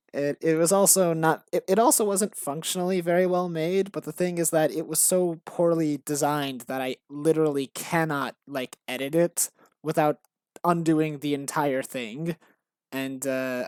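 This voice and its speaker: A man's voice: fairly high pitch, steady tone, moderate pace, darkish tone, clear, resonant tone, no echo, studio quality. A man streaming while he builds his own game, rambling casually with many restarts and fillers. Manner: rambling, self-interrupting, frequent fillers and restarts. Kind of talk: casual live-stream commentary.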